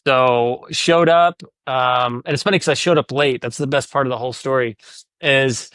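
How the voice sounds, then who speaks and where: Dry-voiced man telling a lively story. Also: mid-range voice, normal speed, clear, resonant tone, no room sound. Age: adult, divorced four years ago. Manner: animated storyteller, acts out quoted voices. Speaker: podcast host. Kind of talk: casual podcast chat.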